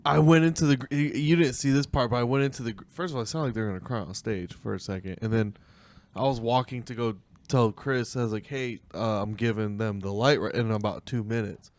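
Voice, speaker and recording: A man's voice: mid-range voice, fast. Laughing, swearing man telling a story. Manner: animated, swearing, laughing through anecdotes. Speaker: comedian podcast co-host. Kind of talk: casual storytelling chat.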